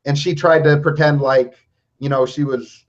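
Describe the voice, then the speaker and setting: In a dull, lo-fi recording, a man hosting a podcast chats casually, blunt and heavily profane throughout. His pitch is medium, his intonation fairly even, and his pace moderate.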